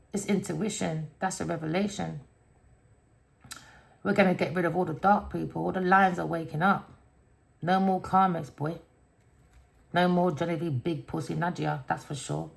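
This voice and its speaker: A woman's voice: on the low side, vocal fry, a bit bright. A woman giving a casual spiritual rant as a tarot reader, heated and emphatic, swearing freely and tagging her lines with slang. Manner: slangy, tags lines with innit and boy.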